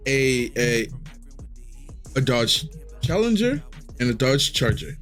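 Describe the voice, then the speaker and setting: A young man streaming live, telling a long profane story in a casual, animated way and jumping into high excited voices when he quotes himself. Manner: animated, profane, jumps into high excited voices for his own past self.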